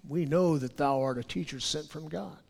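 A preacher voicing fawning puzzled Nicodemus. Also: male voice, on the high side, normal speed, creaky, darkish tone. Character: Nicodemus, flattering puzzled grown man. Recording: long hall reverb.

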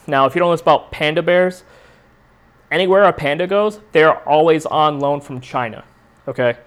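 A man's voice: fairly high pitch, normal speed, clear, resonant tone. A young adult man hosting a podcast, telling a rambling, profane story in a casual, laid-back way. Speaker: podcast host.

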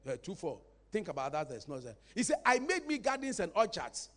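High-voiced man preaching. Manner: animated, playful, calls for congregation response. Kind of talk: sermon.

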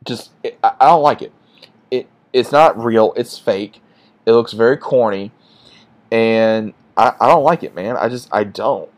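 A man's voice: medium pitch, unhurried. A man giving a casual, frustrated movie review, bluntly repeating his complaints.

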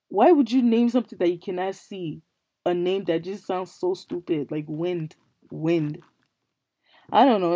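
A woman's voice: lowish voice, mellow, no room sound, clean studio sound. A woman hosting a casual solo podcast, English not her first language, rambling through puzzled questions with many fillers. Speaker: podcast host.

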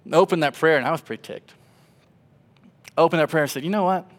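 A young pastor in his twenties, his voice on the high side, preaches at a quick pace broken by long pauses. He shapes the sermon as an emotional story, shifting between loud, animated moments and hushed ones.

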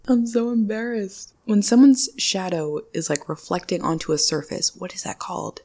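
A woman's voice: mid-range voice, moderate pace, vocal fry, hardly any pauses, darkish tone. A young adult woman hosting a solo podcast, recapping casually, chatty and laughing often as she quotes characters. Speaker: podcast host.

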